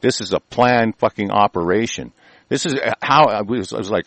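A man's voice: on the low side, normal speed, a bit bright, no echo. A man ranting on air, angry and profane, rambling with many restarts. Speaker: host reading and ranting on air.

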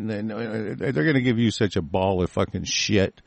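An American man with a lowish, fry-tinged voice delivers an angry, profane monologue at a fairly quick clip, swearing constantly and breaking off to read news aloud. He barely pauses, and the recording has no room sound.

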